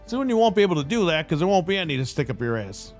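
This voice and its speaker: With faint music behind him, a fairly high-voiced man launches into an angry, heavily profane rant on a live stream. He speaks quickly in a sing-song way, bluntly mocking the voices of the people he's complaining about.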